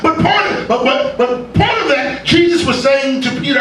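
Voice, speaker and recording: A man preaching a lively sermon to his congregation, joking and drawing laughter, heard from a distance in a church. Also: very high-pitched, normal speed, slight background noise. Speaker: pastor. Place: church sanctuary. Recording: echoey church room from a distance.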